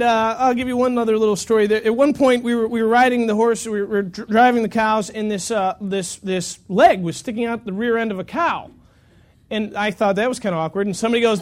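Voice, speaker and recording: A pastor telling a long, self-mocking story during a sermon, acting out the quotes with lots of energy. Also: male voice, high-pitched.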